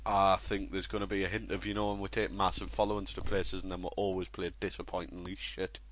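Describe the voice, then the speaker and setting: Low-voiced blunt English man. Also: flat delivery, brisk, fairly bright tone, slight background noise. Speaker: podcast co-host. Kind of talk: casual football podcast chat.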